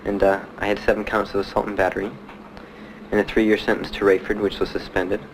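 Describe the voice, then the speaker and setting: Low-voiced man recalling, halting. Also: flat delivery, slight background noise, low-quality recording. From Miami, United States. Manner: plain-spoken, halting, many fillers. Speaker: interviewee, Marine veteran. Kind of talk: interview recollection.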